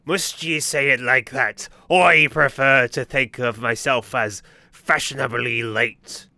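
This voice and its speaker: A swaggering pirate-talking warrior, as a man puts him on, stretching his words out slow and loud. The voice rings bright and forceful, every boast landing with a theatrical drawl. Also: mid-range voice, fairly even intonation, gravelly, no echo, heavily acted. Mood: smug.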